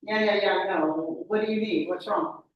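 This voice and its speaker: A woman voicing a gruff, impatient woman coach on the phone, firing curt questions, heard from far off in a very echoey room. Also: mid-range voice, normal speed, muffled recording, slight background noise, lightly acted. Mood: brisk. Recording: very echoey room, distant mic.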